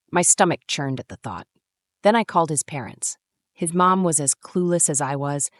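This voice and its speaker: A woman in her thirties narrating a first-person drama story in a measured, brooding way. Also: low-pitched, no room sound, studio quality. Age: 30s.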